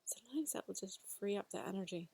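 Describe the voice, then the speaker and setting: Gentle woman guiding a breathwork class. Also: mid-range voice, no room sound. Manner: gentle, unhurried, with fillers. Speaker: breathwork facilitator. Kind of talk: guided instruction to a class.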